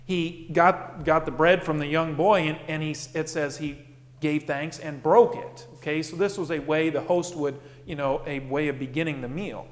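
A male pastor preaching with emphasis, his voice sitting a bit high. He drives points home by repeating them. The sound carries a long, roomy church reverb. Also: steady tone, moderate pace. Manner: emphatic, repeats key phrases. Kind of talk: sermon.

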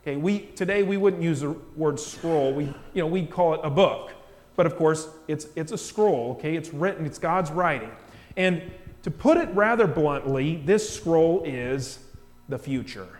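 A man preaching from the pulpit in a fairly high voice, drawing listeners in with rhetorical questions. He drops to near hush for weight, then swells to loud emphasis. His voice trails off in a long church reverb. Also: moderate pace. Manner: animated storytelling with rhetorical questions; swings between hushed and loud emphasis. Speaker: pastor. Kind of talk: sermon.

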